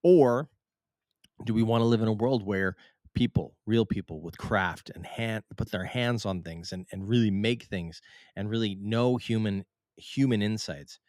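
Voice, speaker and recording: A man's voice: fairly low pitch, unhurried, a little mellow, no echo, clean studio sound. A man co-hosting a podcast, arguing his side in a casual debate and firing off rhetorical questions. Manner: argumentative, fires off rhetorical questions. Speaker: podcast co-host.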